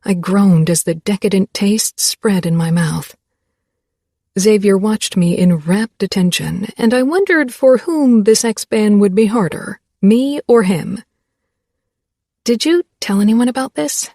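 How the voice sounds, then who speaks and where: A woman's voice: medium pitch, a little slow, dark tone, no room sound, studio quality. A woman narrating a first-person romance audiobook with a wry, playful manner.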